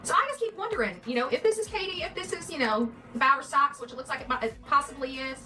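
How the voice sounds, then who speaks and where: A woman's voice: lively intonation, fast, bright, forceful tone, far from the mic, soft background music, low-quality recording. Stammering woman livestreamer, country drawl. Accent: put-on country drawl. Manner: repetitive, stammering, pitch swings up and down. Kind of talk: rambling livestream monologue.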